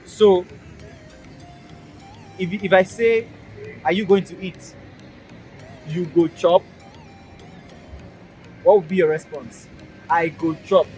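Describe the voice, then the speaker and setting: A man's voice: sits high, fairly even intonation, slow, long pauses, a little mellow, faint music behind. A man with a Nigerian accent, hosting a casual outdoor language lesson, upbeat and emphatic, patiently repeating phrases. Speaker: pidgin teacher, channel host. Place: outdoors beside a busy road.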